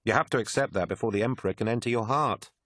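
A man's voice: mid-range voice, quick pace, fairly bright tone, slightly rough, no echo, clean studio sound, voice pushed up. A man voicing an earnest, devout male war machine pilot who speaks with stubborn zeal in an audiobook. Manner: stubborn, zealous. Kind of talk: audiobook character voice.

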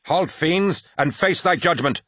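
A man's voice: a little high, measured pace, a bit bright, breathy edge, no room sound, studio quality, voice pushed up. A man voicing a stern guard captain in an audiobook, barking commands in archaic speech. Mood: commanding.

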